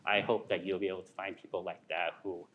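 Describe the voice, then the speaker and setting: A man's voice: deep voice, flat delivery, quick pace, phone-quality sound, slight background noise. Hesitant, earnest man on a panel. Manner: hesitant, many fillers, earnest. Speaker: alumni panelist, nonprofit fundraiser. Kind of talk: personal panel talk.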